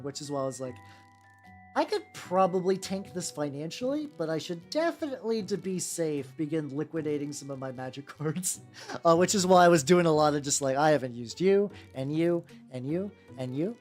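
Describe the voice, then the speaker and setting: A woman with a lowish voice that swings up and down a lot, chatting casually to her livestream audience as she paints. She rambles, restarts, swears freely and calls out viewers by name. Faint music plays in the background. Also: darkish tone. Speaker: streamer painting miniatures.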